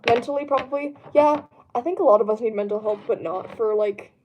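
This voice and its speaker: A woman's voice: a little high, brisk, muffled recording, noisy background. A young woman talks casually from her room while answering a live chat. She rambles and fills gaps with lots of ums, now and then breaking into a laugh. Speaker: streamer. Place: home room.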